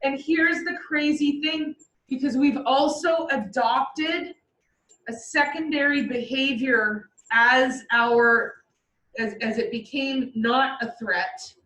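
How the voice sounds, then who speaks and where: A woman chatting casually and explaining animal behavior, acting out the animals' thoughts in lively asides. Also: sits high, takes it slowly. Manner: lively, acts out animals' inner voices. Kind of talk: casual chat. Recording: roomy echo, far from the mic, faint background noise.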